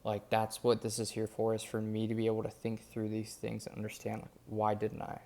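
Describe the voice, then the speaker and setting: A young man speaks in a low, gravelly voice, rambling candidly through an update. His delivery stays fairly flat, full of fillers and restarts. It sounds like a casual daily vlog. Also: fairly quick. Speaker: vlogger documenting his days.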